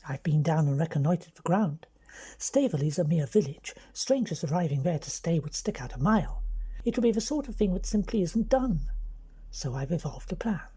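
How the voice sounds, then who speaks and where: A woman doing a brisk, bossy young lady. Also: low voice, animated, mellow, slightly rough, exaggerated voice. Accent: English. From London. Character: bold young aristocratic woman schemer.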